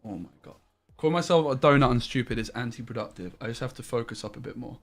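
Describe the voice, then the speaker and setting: A man's voice: medium pitch, fast. A man streaming a card game live, thinking aloud about each play and swearing casually as he goes.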